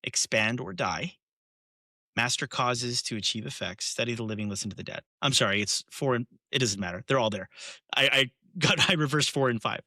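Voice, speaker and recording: A man talks casually as a podcast guest, winding through a story and often restarting mid-sentence. His voice is bright and forceful. The recording is dry and close. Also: medium pitch, fairly quick, no room sound. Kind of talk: casual conversation.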